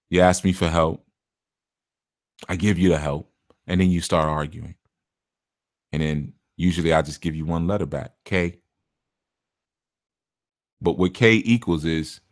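A man's voice: on the low side, expressive, normal speed, long pauses, a bit bright, dry recording, studio quality. A man giving a blunt, casual spiritual talk as a reader, acting out the voices of the people who come to him. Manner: blunt, acts out clients' voices.

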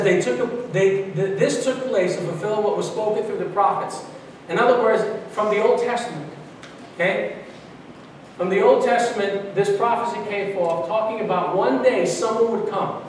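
A man from Brooklyn, preaching an animated sermon as pastor, often restarting and repeating himself. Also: high voice, a little hiss or hum. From Brooklyn, New York. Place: large church sanctuary. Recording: very echoey church from far off.

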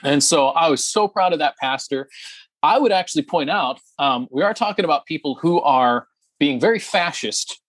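A man's voice: fairly high pitch, animated, normal speed, fairly bright tone, no room sound. Fired-up man talking on a podcast. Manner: emphatic, heated, lots of ums and restarts. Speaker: podcast co-host. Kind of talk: casual podcast chat.

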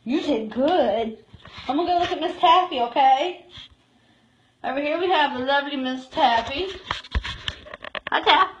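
High-voiced woman cooing at shelter cats. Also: a little slow, pauses often, muffled recording, a little hiss or hum. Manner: coos and baby-talks to cats. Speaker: cat shelter tour guide. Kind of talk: live-streamed shelter tour. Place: indoor cat shelter.

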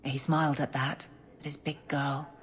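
An actress voicing a low, plainspoken grieving guard captain. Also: female voice, level tone, moderate pace, lightly acted. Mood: somber. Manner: quiet, restrained, plainspoken.

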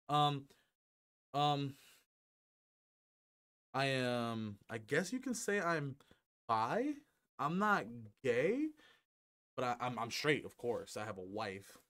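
A man's voice: medium pitch, a bit bright. A young man chatting to camera at home in a rambling, joking way, swearing freely and filling gaps with ums. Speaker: gaming YouTuber. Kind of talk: casual rambling vlog to camera. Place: at home with his dog. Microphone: headset.

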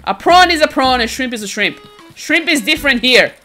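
Bright-voiced woman streamer, giggly. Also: sits high, lively intonation, a little fast. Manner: chatty, giggly, teasing chat readers. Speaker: game streamer. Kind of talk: casual live-stream chat while playing. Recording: faint game music behind.

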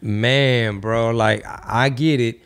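A man's voice: medium pitch, fairly even intonation, takes it slowly, fairly bright tone, clear, resonant tone. Profane, riffing male podcast host. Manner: loose, profane and riffing, slipping into mock voices. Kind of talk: casual podcast chat.

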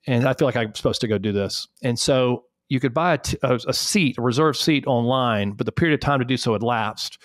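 A man from South Carolina with a Southern US accent, a podcast guest telling animated, self-deprecating anecdotes. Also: medium pitch, a little fast, few pauses, no room sound, clean studio sound. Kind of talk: storytelling in a podcast interview.

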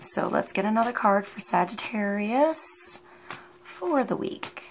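A woman talks through a tarot reading off the cuff, in a voice of ordinary middle pitch. She speaks unhurriedly and halts often to think aloud between ideas. Faint background noise sits under her voice. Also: lively intonation. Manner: musing, halting, thinks aloud with many pauses. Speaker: tarot reader.

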